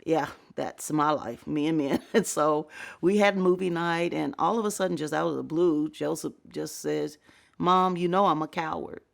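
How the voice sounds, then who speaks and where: A middle-aged woman, a fire safety advocate, giving earnest and reflective personal testimony in an interview, breaking into soft laughs now and then. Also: low-pitched, normal speed, vocal fry.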